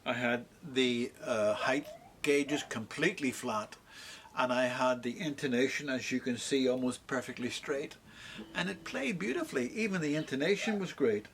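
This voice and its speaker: A man working as a luthier, casually walking through a guitar repair in an easygoing, rambling way with frequent pauses. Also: mid-range voice, a bit bright. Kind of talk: casual workshop walkthrough. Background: electric guitar playing.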